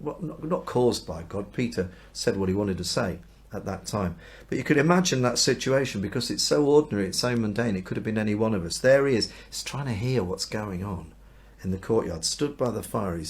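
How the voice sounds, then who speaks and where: A man, a minister reading and explaining a Bible passage in a chatty, informal way, jumping into high, agitated voices for the people in the story. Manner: acts out the voices of the story with sudden high outbursts; conversational and informal. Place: church or home during lockdown.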